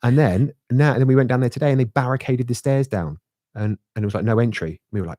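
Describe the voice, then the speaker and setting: A middle-aged man, co-hosting a podcast and telling an animated story with laughs and swearing. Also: mid-range voice, quick pace, dry recording, clean studio sound. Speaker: podcast co-host. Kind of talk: casual chat, storytelling.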